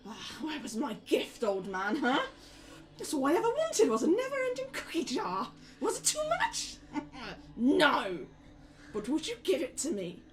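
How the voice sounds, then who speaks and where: A woman's voice: high voice, huge pitch swings, unhurried, far from the mic, pitched above the performer's own voice, heavily acted. A woman voicing a haggard, horned female hag who cruelly taunts a captive with spiteful rage. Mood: taunting rage.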